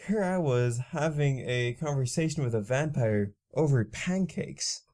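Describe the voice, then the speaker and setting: A man's voice: mid-range voice, unhurried, hardly any pauses, mellow. A man narrating a fan fiction story in the first person, reading steadily.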